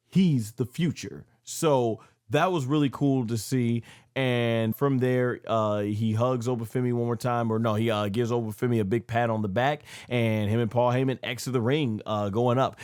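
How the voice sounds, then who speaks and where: A man's voice: mid-range voice, darkish tone, no room sound, studio quality. A man giving a casual wrestling review, rambling, with many fillers and self-corrections.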